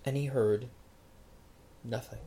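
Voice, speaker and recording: A preacher telling a story in a sermon, dramatic, dropping to a hush and then rising loud. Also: medium pitch, fairly even intonation, slow, creaky, husky. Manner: dramatic storytelling, swinging between hushed and loud.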